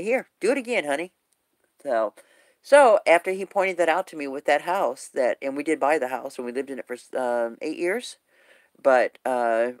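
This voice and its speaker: A woman's voice: low-pitched, dry recording. A woman vlogger talking to her viewers in a casual, rambling livestream chat, speaking in an affectionate way.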